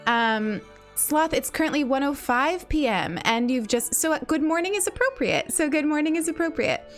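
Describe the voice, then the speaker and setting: High-voiced, bubbly woman streamer. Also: animated, normal speed, soft background music. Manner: bubbly, repeats phrases, laughs often. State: slight morning cough. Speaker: livestream host. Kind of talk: casual livestream chat greeting viewers.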